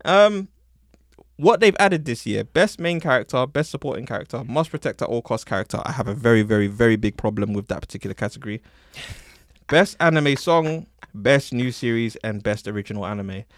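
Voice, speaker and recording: A man holds forth as a podcast host, animated and slangy, pushing his opinions with plenty of laughs. His voice sits mid-range, and the sound is dry and close with no room around it. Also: medium pitch, a little fast, no echo. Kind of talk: casual chat.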